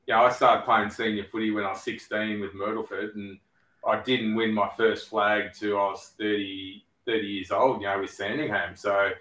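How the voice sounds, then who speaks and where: A man's voice: lowish voice, flat delivery, normal speed, bright, forceful tone, far from the mic. A middle-aged man with an Australian accent, a guest talking easily and plainly in a casual chat. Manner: easygoing, plain-spoken. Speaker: guest, former footballer. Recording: roomy echo.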